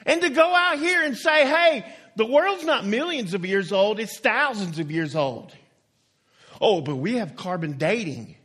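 A pastor preaches in a folksy, emphatic way, leaning hard on single words and drawing them out. His voice sits high for a man, and he takes his time, letting each point land slowly. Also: animated, a bit bright, slightly rough. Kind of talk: sermon.

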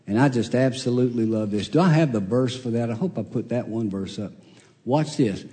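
A man preaching a storytelling sermon, folksy and animated, acting out the characters in his story. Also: fairly quick. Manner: folksy, animated, acts out characters with big pitch jumps. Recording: long reverb of a large hall.

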